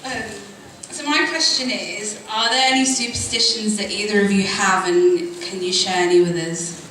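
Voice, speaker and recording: A woman's voice: mid-range voice, fairly even intonation, normal speed, background noise. A woman asking a question at a convention panel, a little flustered and laughing. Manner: flustered, giggling. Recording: echoey hall from far off, crowd.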